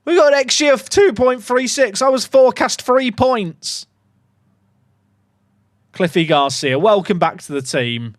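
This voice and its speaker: A young man streaming a football management game, commentating casually with sarcastic, excitable swings. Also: extremely high pitch, unhurried, no room sound, clean studio sound. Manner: animated, sarcastic, swings between excitement and mock despair. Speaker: gaming streamer.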